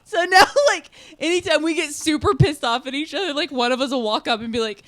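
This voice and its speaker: A young woman co-hosting a casual podcast, blunt and quick to swear. She laughs easily between complaints. The recording is dry and close, with no room sound. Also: high-pitched, a bit bright, dry recording. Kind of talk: casual chat.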